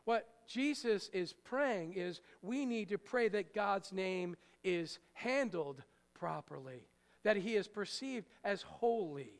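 A man preaching a sermon in a conversational way, joking with the congregation and hitting words with sudden loud emphasis. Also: high voice, animated, slow, creaky. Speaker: pastor. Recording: long hall reverb.

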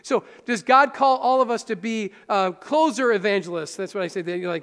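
The recording, marked by long hall reverb, captures a man pastor whose voice sits high. His sermon is animated and chatty, broken up by quick asides to those in the pews.

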